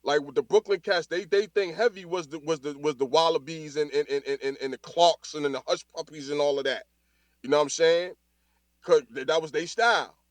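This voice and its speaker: A man's voice: a little high, brisk, no room sound. A man with a Bronx New York accent chatting casually, repeating words as he works toward his point. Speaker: call-in speaker. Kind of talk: casual chat in an audio chat room.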